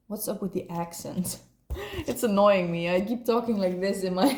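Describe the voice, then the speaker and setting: A woman's voice: mid-range voice, normal speed, a little mellow, reverberant. A woman doing a casual, playful tarot card reading, rambling and laughing often.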